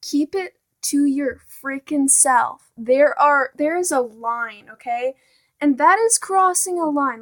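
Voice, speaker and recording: A woman's voice: high-pitched, unhurried. A teenage girl vlogging a casual, exasperated rant, full of "like" and "honestly". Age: teens.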